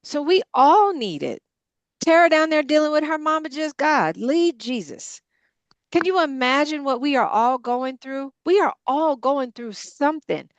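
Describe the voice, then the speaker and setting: A woman's voice: high-pitched, lively intonation, unhurried, no room sound. A middle-aged woman leading a Bible study group, talking bluntly and with feeling, swearing freely. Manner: blunt, impassioned, frank swearing. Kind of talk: candid group discussion.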